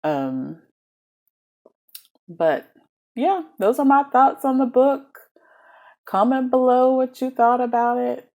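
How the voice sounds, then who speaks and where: A woman's voice: sits high, slow pace, pauses often. A woman giving a casual, chatty book review, talking animatedly and laughing often between thoughts. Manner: animated, chatty, giggly, many fillers.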